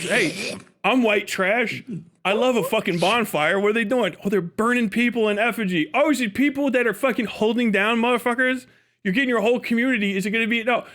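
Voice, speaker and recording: A man's voice: sits high, a little fast, a bit bright. A man hosting a livestream, reacting with profane, mocking commentary and frequent laughter. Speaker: livestream host.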